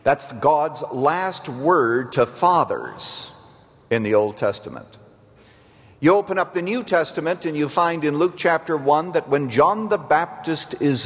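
A pastor, a man, preaching a sermon slowly and earnestly, with solemn pauses. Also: on the high side, long reverb tail.

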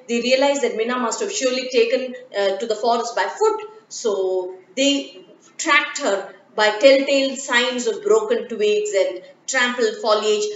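A woman narrating a children's story slowly and gently, with occasional fillers. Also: on the high side, slight background noise. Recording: dull, echoey room, from far off.

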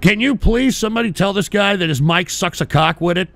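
A man hosting a livestream, mocking and swearing loudly at his guests. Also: high-pitched, brisk. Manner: mocking, loud, laughing, swearing. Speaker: livestream host. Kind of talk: profane livestream commentary.

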